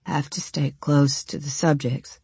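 Brief: woman doing a hurting, secretive young man, low quiet murmur, dry close sound. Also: takes it slowly, breathy edge, no room sound, exaggerated voice. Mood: pained, quiet. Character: pained, trembling young man, secretive and withdrawn.

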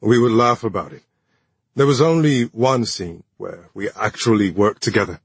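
An English man recalling a shared scene in a relaxed, amused interview manner. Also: lowish voice, moderate pace, breathy edge, no echo. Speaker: actor interviewee.

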